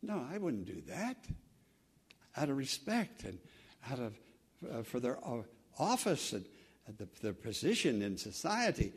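A man preaching a sermon as pastor, earnest, swelling loud and then dropping to a hush, with halting restarts. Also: mid-range voice, sing-song, breathy edge.

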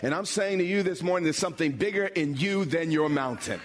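A pastor preaching a sermon, building from explanation to bold, emphatic calls with dramatic pauses. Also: male voice, on the high side, a faint crowd, slight background noise. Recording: long hall reverb.

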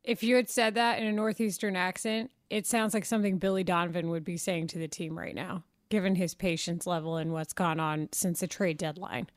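A woman co-hosting sports talk radio in a studio, lively and questioning. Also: fairly low pitch, fairly quick, few pauses, no room sound. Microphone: studio mic.

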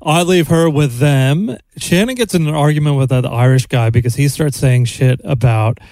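An Australian man in his thirties, hosting a podcast, telling a story in casual, profane, animated chat and acting out the quotes. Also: fairly high pitch, moderate pace, no echo. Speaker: podcast host.

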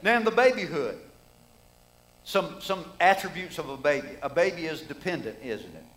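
Middle-aged man, preacher, sermon, folksy, high voice, conversational, rhetorical questions. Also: lively intonation, moderate pace, a bit bright, poor audio.

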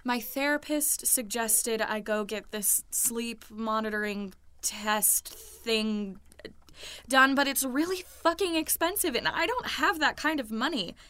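A woman's voice: a little high, a little slow, bright, forceful tone. An actress playing a frustrated young woman in her twenties who is troubled by recurring nightmares. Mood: glum. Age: young adult. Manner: frustrated, sarcastic, swearing.

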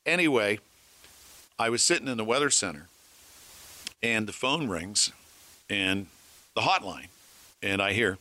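A man, a former weatherman and radio host, telling lively anecdotes to colleagues and acting out the voices of the people in them. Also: on the low side, measured pace, long pauses. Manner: animated storyteller acting out voices. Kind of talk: anecdotal storytelling among colleagues.

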